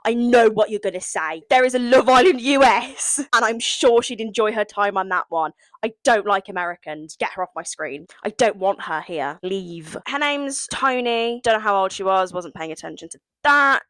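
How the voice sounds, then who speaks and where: A woman's voice: medium pitch, expressive, moderate pace, hardly any pauses, a bit bright, no room sound. A young woman recapping a reality show in a casual vlog, dramatic and sarcastic, full of mock outrage. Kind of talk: casual reaction commentary.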